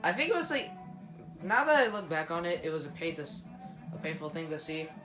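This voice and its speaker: A man's voice: on the high side, very animated, fairly quick. A man casually commenting on a game, rambling with frequent restarts and self-corrections. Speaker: gaming YouTuber. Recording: roomy room with game music playing.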